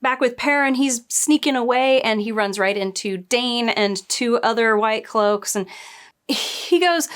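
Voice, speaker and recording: A woman's voice: a little high, a little slow, a bit bright, smooth. A woman casually reviewing a TV episode against the books, exasperated and sarcastic, often mocking the characters in quoted voices. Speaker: book and TV show reviewer.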